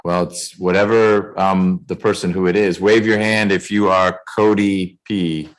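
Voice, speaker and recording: A man presiding as judge over a remote court calendar hearing, speaking in a measured way with dry jokes, over a video call. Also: low-pitched, steady tone, poor audio.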